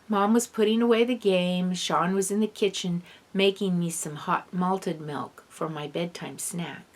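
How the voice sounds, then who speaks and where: A woman reading a first-person children's novel aloud in an expressive storybook narration. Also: lowish voice, measured pace. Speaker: audiobook reader.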